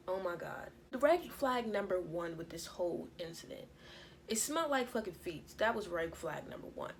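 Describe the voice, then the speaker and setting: Young woman vlogger, mid-pitched, animated storyteller, profane, light room noise. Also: moderate pace, low-quality recording. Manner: animated, profane, acts out quotes. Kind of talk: casual storytelling vlog.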